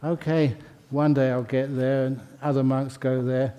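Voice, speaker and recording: A man's voice: mid-range voice, level tone. A man leading a ceremony, reading out names and welcoming each new member in a chatty, good-humoured way. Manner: slow, warm-hearted and chatty, laughing between names. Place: meditation hall.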